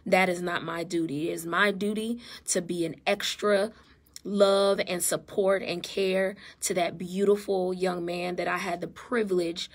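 A married mother and therapist, talking earnestly and with feeling in a casual live stream from her phone. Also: fairly low pitch. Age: adult, married mother. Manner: earnest, heartfelt, emotional. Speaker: therapist and vlogger.

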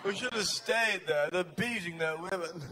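A man with a Dublin Irish accent doing a live stand-up routine, energetic and swearing, checking in with "right?" again and again. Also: sits high, moderate pace, heavy background noise. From Ireland. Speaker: stand-up comedian. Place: comedy stage.

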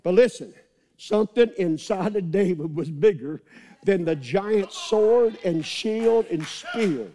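This fiery sermon comes from a middle-aged male pastor with a remarkably high voice, who rouses his congregation with shouted, repeated refrains. He's animated but speaks at a slow pace.

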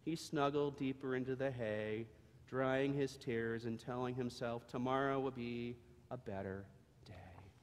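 A man reading a storybook aloud to children in church, expressive and gentle, then leading a prayer. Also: medium pitch, a little slow. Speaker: church leader giving children's message. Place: church sanctuary. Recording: long echo of a church sanctuary.

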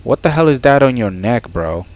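A man giving casual let's-play commentary on a horror game, excitable and jokey, with frequent startled exclamations. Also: medium pitch, moderate pace. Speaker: gaming channel host.

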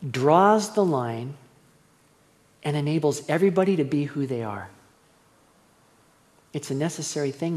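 Animated male pastor in a reverberant church. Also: on the high side, unhurried, long pauses. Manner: conversational storytelling, acts out quoted voices. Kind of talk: verse-by-verse sermon. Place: church hall.

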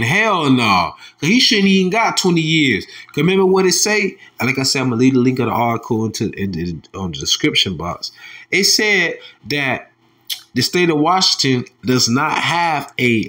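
A heated male preacher, who reads scripture in a low, slow voice and then breaks into angry, mocking street talk. He curses freely and scoffs as he preaches. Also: very animated, a bit bright. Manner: heated, profane, mocking, drops to low tones reading verses. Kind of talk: scripture commentary with angry asides.

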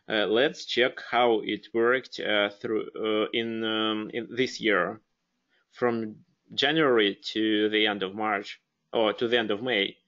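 Man, Russian accent, webinar host, slow pace, hesitant with fillers, dull lo-fi audio. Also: on the low side, pushed and bright. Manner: hesitant, many fillers and restarts. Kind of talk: live webinar presentation.

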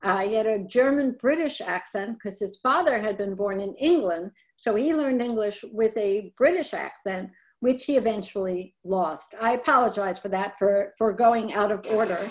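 A woman's voice: medium pitch, moderate pace. A middle-aged woman presenting a webinar talk, speaking conversationally and often correcting herself. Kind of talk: webinar talk on family papers.

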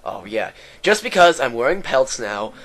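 A man's voice: mid-range voice, sing-song, normal speed, a bit bright. A man giving rambling, sarcastic commentary while playing a video game. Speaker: let's player. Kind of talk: joking gameplay commentary.

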